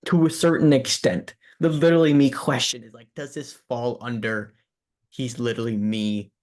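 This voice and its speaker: A young man co-hosts a podcast over a remote call, chatting casually and teasing playfully. His medium-pitched voice holds a steady tone at a normal speed.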